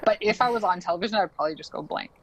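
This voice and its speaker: A young adult woman appears as a podcast guest in a casual interview, laughing often and packing her speech with likes and ums. Her mid-range voice races along over heavy background noise.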